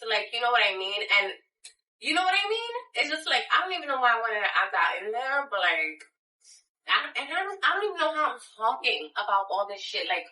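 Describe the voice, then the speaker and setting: Young woman, vlog rant: heated, swearing, rambling, restarts a lot; bright voice, sits back from the mic. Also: a little high, distant mic. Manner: heated, profane, rambling with many restarts and fillers. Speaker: vlogger. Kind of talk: unscripted personal rant to camera. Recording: echoey room, voice a little off-mic.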